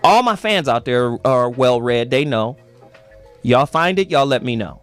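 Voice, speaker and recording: A man hosting a casual morning talk show, talking in an animated, slangy and emphatic way. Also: mid-range voice, a little slow, soft background music. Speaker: host. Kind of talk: casual radio-show chat.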